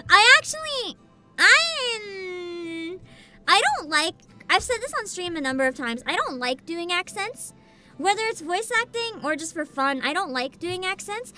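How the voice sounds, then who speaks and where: A young woman chats with her stream audience in a casual, playful way and keeps breaking into giggles. Her voice sits high and swoops up and down with a lot of life. Soft game music runs faintly behind her. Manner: giggly, playful, talks to chat. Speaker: streamer playing a story game. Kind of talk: casual livestream chat.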